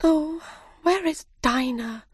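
A woman reading aloud, voicing a fretful young girl in a storybook with a high, excited tone. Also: slow, dry recording, clean studio sound. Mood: anxious.

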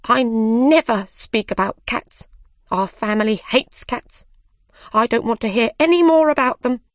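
A woman's voice: mid-range voice, normal speed, no echo, clean studio sound, close to an everyday voice. A woman voicing a touchy, indignant little male mouse in a storybook reading. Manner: indignant and huffy.

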